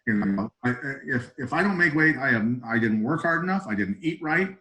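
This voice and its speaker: Middle-aged male guest, mid-pitched, blunt storyteller with emphatic bursts. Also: expressive, fairly quick, bright, forceful tone, rough recording. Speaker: guest, retired fighter and coach. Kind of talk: casual podcast storytelling.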